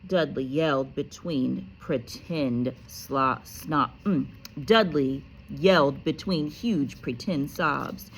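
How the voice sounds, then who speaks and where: A woman teacher reading a children's book aloud with lively expression and casual, chatty asides. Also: deep voice, slow, hardly any pauses, husky. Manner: animated, casual, self-correcting.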